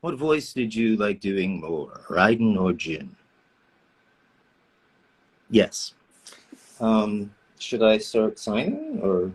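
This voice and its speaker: A man at a live fan autograph session, reading questions aloud in a playful, animated way. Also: fairly low pitch, extremely slow, pauses often, breathy edge.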